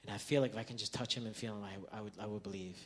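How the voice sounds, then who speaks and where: A man's voice: mid-range voice, animated, moderate pace, lightly acted. A man voicing his young son, an upset little boy doubting God, in a whiny, pleading tone. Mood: tearful.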